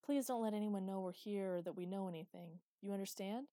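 A woman's voice: mid-range voice, brisk, mellow, dry recording, studio quality, close to an everyday voice. A woman reading the part of a cautious, serious young man who speaks urgently and insistently. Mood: tense.

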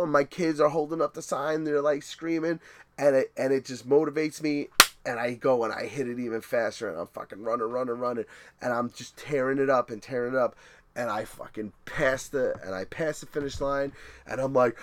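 A man's voice: medium pitch, moderate pace, no echo. A middle-aged man telling a race story in casual, profane chat, acting out what people said. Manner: animated, profane storytelling with acted-out quotes.

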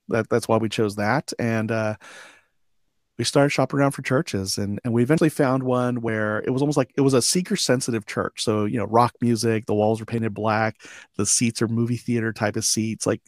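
A man in his forties, a veteran guest on an interview show, tells lively anecdotes and acts out the dialogue with frequent chuckles. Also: medium pitch, normal speed, no echo, clean studio sound. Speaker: podcast guest, army veteran. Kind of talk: storytelling interview.

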